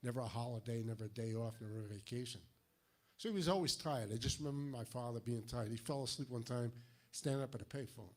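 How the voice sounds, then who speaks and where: An older man from Fall River with a New England accent, doing a stand-up routine of deadpan one-liners with punchy timing. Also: medium pitch, fast. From Fall River, Massachusetts. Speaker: stand-up comedian. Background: audience laughter.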